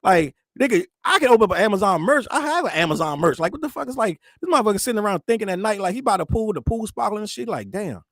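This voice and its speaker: Male host, high voice, rapid rambling commentary, laughs through his lines. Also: big pitch swings, a bit bright, no room sound, studio quality. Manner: profane, rambling, laughs mid-sentence; mimics other people in quick quotes. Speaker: show host. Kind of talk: casual pop-culture commentary.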